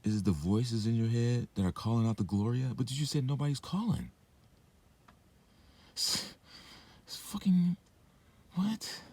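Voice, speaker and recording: A man's voice: medium pitch, normal speed, long pauses, darkish tone. A young man in a rambling, profane vlog monologue, drinking and smoking as he talks, full of fillers and detours. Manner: meandering, profane, filler-heavy. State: drinking and smoking while talking. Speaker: vlogger.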